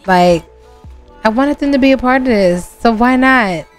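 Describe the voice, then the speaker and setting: Woman host, slow casual gameplay narration, faint music behind. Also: expressive. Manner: chatty, addresses viewers, sudden high exclamations. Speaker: gaming channel host.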